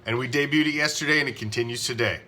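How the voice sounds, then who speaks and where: A man's voice: mid-range voice, very fast, pushed and bright. A man hosting a sports morning show, casually introducing clips and segments. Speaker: show host.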